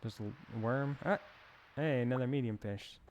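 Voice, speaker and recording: A man's voice: medium pitch, normal speed, a little mellow, a little hiss or hum. A man giving casual commentary as he plays a farming game, rambling with self-amused asides. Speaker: let's play host.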